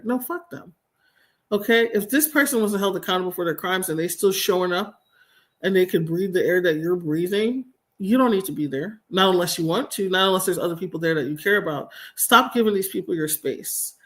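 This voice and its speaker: A woman's voice: mid-range voice, expressive, normal speed. Blunt, profane woman in her forties. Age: 40s. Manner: blunt, profane, emphatic storytelling. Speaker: streamer host. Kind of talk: casual livestream talk. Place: at home, keeping her voice down.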